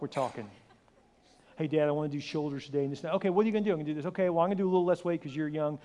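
A pastor in his forties preaching a sermon, telling stories with acted-out dialogue and lively delivery. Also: on the high side, racing. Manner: animated storytelling, acts out dialogue with shifting voice. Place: large church hall. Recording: hall reverb.

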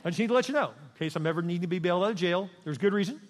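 An older man preaching a sermon as pastor, emphatic and repetitive, dropping to a soft voice for prayer. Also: high voice, animated, very fast. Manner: emphatic, repeats lines with the congregation, softens for prayer. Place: large church sanctuary. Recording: long reverb of a large church hall.

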